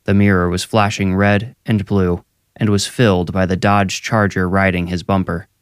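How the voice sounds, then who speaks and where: A man narrating a scripted horror story in a measured, steady way. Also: low voice, smooth, no echo, clean studio sound.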